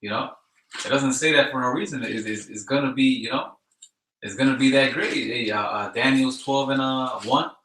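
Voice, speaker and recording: A man reading scripture aloud loudly and slowly. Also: mid-range voice. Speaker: scripture reader. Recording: echoey and distant.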